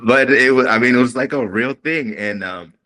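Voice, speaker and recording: A man's voice: medium pitch, moderate pace, pushed and bright. A male R&B singer telling a long story in a podcast interview, acting out the quoted voices as he goes. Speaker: guest singer.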